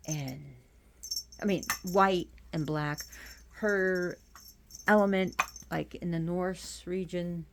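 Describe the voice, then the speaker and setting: Slow-talking woman chatting at home. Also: fairly low pitch, slight background noise. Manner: slow, rambling, stops to scold her pets. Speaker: pagan religion video host. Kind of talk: casual spoken talk to viewers.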